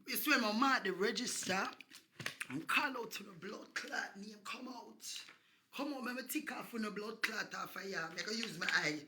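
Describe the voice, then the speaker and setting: Jamaican woman ranting on a live stream, loud cussing and mocking, very sharp bright voice. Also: mid-range voice, normal speed. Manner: loud, cursing, taunting, swings into shouts. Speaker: social media personality. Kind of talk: livestream rant.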